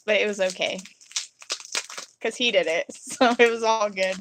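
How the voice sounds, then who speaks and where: A woman in her thirties chatting casually through a home craft vlog, telling playful stories with bursts of giggles and sudden high squeals. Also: moderate pace, long pauses, fairly bright tone, slight background noise. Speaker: craft vlogger.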